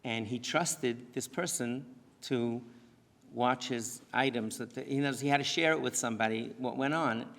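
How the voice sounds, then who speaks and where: A man's voice: mid-range voice, moderate pace, vocal fry, fairly bright tone. Earnest man lecturing in a reverberant hall. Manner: earnest, talks in restarts and asides. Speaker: rabbi giving a presentation. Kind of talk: lecture to parents. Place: synagogue hall.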